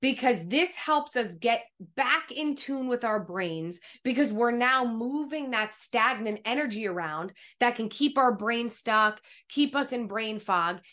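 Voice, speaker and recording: A woman speaking coach teaching an online workshop over a video call, energetic and encouraging, speaking straight to her listeners. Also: a little high.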